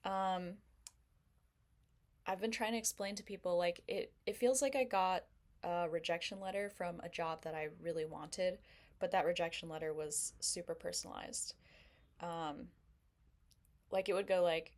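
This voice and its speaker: A woman's voice: on the low side, fairly even intonation, normal speed, pauses often. A young woman doing a self-deprecating stand-up comedy set, chatty and full of fillers. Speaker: stand-up comic.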